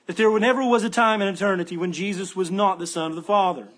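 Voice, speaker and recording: A man with a high, husky voice preaches an expository sermon. He speaks earnestly and with emphasis, circling back to repeat key phrases. His manner is that of a patient teacher walking through a text. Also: fast talker, fairly bright tone. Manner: teacherly, explains Greek word order. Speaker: pastor.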